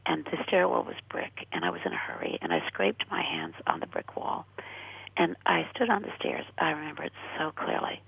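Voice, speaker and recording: An older American woman tells her personal story as a radio interview guest. She speaks earnestly and often sinks to a breathy near whisper. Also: sits low, wildly swooping pitch, fairly quick, no room sound. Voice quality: husky, gravelly, breathy. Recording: dry tinny phone-line radio sound.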